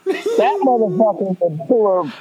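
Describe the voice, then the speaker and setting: A man's voice: sits high, huge pitch swings, unhurried, a crowd in the background. A man chatting as a podcast guest, blunt and swearing, drawing out his asides. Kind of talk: casual chat. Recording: dull lo-fi sound.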